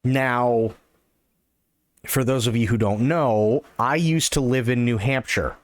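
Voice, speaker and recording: A man streaming live, telling a long personal story in an animated, excitable way and swearing often. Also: medium pitch, takes it slowly, no echo, studio quality. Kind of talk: casual storytelling.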